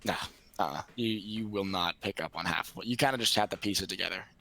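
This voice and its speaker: A man's voice: deep voice, quick pace, creaky, sharp tone. A young man from the Boston area with no regional accent, talking casually and self-deprecatingly as an interview guest. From Boston area, United States. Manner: chatty, loose and self-deprecating, many fillers. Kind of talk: casual conversation.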